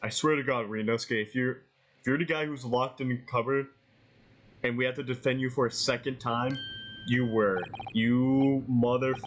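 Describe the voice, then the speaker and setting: A man's voice: mid-range voice, moderate pace, slight background noise. A young man casually commentating a game he plays, rambling and swearing. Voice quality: rambling, profane, excitable. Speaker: let's play streamer.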